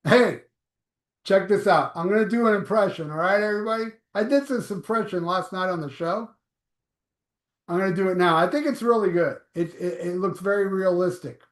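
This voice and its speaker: A man's voice: high voice, normal speed, reverberant. A man hosting a live stream, reading viewer comments aloud in a blunt, offhand, profane way. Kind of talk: casual live chat.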